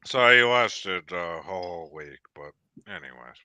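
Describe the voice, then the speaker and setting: Bright-voiced rambling man telling stories. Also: deep voice, expressive, unhurried, slight background noise. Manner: rambling storyteller, frequent restarts. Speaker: host. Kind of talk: casual chat.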